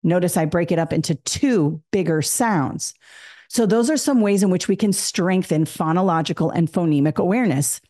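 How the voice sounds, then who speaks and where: A woman with a slightly low voice gives a test prep lesson. She explains each point step by step and acts out the prompts a teacher would give a class. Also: moderate pace, mellow.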